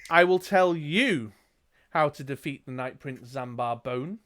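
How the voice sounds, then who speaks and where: A man voicing a tired old male wizard who speaks calmly and gravely. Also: a little high, measured pace. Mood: calm, weary.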